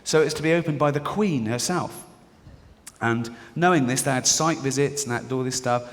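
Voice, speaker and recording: A middle-aged man doing stand-up comedy, telling stories with mock voices and animated outbursts. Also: medium pitch, normal speed. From England. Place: large theatre stage. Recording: reverberant hall with audience noise. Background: audience laughter.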